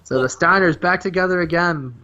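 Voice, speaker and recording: A man hosting a casual podcast, excitedly recapping wrestling matches and laughing often. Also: sits high, fairly quick, highs cut off. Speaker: podcast host.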